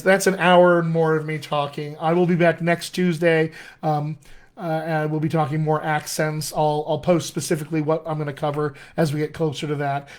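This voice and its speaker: A man coaching accents on a casual livestream, talking straight to his viewers in a friendly, salesy way and reading out their comments. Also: a little high. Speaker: dialect coach.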